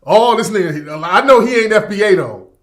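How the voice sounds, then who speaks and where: A man with a notably high voice for a man rants casually on a livestream. He is emphatic and profane, hammering the same points again and again. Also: animated, normal speed, fairly bright tone. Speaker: livestream commentator.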